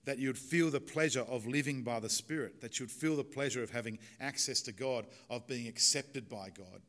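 A man preaching in an easy, chatty way, pausing on fillers as he goes. His voice sits at an ordinary middle pitch, and he speaks like a pastor talking to his own congregation. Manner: chatty and warm-hearted, with fillers and small laughs. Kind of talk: sermon with closing prayer.

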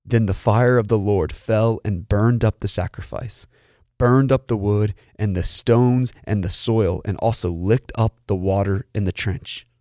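A man's voice: lowish voice, unhurried, mellow, no echo, studio quality. A man preaching as a pastor, telling a story in earnest and often repeating words as he restarts. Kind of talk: sermon storytelling.

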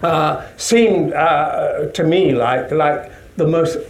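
A man from Wales, speaking in a halting way full of fillers. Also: fairly high pitch. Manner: halting, filler-heavy speech. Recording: roomy echo.

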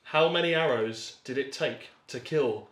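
A man's voice: medium pitch, measured pace, fairly bright tone, echoey room. A man hosting a casual quiz on a podcast, teasing and laughing often. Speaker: podcast host.

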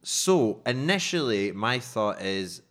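A man co-hosting a comedic podcast, reading out headlines with animated, restart-filled chat. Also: medium pitch, slow pace. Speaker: podcast co-host presenting news stories.

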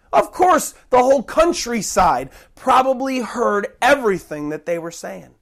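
A preacher giving a sermon, emphatic, slowing down to stress key phrases. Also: mid-range voice, very animated. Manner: emphatic, shifting pace with slow stressed phrases.

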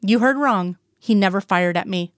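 Brief: woman reading resolute female agent, firm and level, crisp. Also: mid-range voice, moderate pace, no room sound, clean studio sound, lightly acted. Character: steady female FBI agent, loyal, resolute.

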